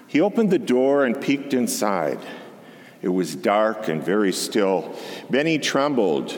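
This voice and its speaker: A man, a deacon, reads a storybook aloud in an expressive, unhurried way. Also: fairly low pitch. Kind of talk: storybook reading. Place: church. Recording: long church reverb.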